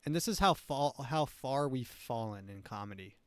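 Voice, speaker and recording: A man's voice: mid-range voice, animated, moderate pace, heavy background noise. A man hosting a comedy show who comments on clips in a rambling, mocking way. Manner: rambling, mocking, with frequent restarts. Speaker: show host.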